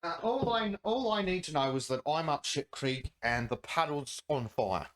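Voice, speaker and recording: A man hosting a casual podcast, sarcastic and profane as he mocks the headlines. His voice sits slightly high for a man and leaps around in pitch, rising sharply whenever he quotes someone. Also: lively intonation, normal speed, fairly bright tone. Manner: sardonic, profane, reads chat comments aloud. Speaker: podcast host. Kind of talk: casual political chat.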